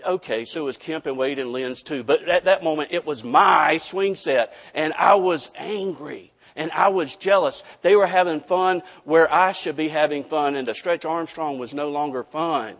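A man preaching a sermon, telling a personal story in a folksy, animated way to his congregation. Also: on the high side, normal speed, hardly any pauses. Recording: dull audio with long hall reverb.

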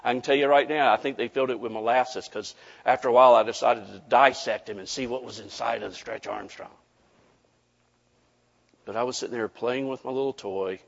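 A man preaching a sermon, telling a personal story in a folksy, animated way to his congregation. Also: medium pitch, fairly quick, creaky. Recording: dull audio with long hall reverb.

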